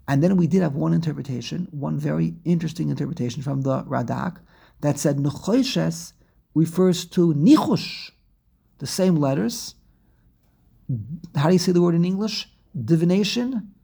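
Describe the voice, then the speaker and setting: This man's voice is a little high and gravelly, warm in tone and slightly rough. He teaches a scripture study class, reading phrases aloud, translating them, and explaining step by step with restarts and asides to his students.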